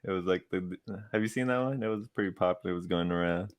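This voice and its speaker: A man's voice: deep voice, quick pace, no room sound. Easygoing man with dry, close sound. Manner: easygoing, playful banter. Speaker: podcast co-host. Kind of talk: casual chat.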